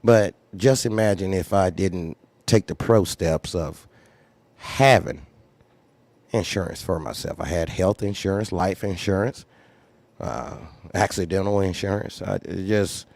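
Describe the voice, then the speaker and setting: A man's voice: deep voice, measured pace, gravelly, a little mellow, no room sound. A man who runs a trucking company, candidly telling a story in a blunt, profane way and repeating phrases for emphasis. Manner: acts out others' lines in raised voice.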